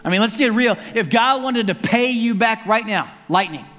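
A man preaching a sermon as pastor in an animated, conversational and humorous way. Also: extremely high pitch, moderate pace. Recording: long hall reverb.

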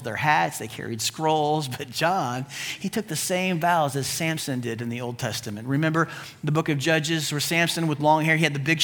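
A man preaching a sermon with humor, swinging between loud emphasis and low asides. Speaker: pastor.

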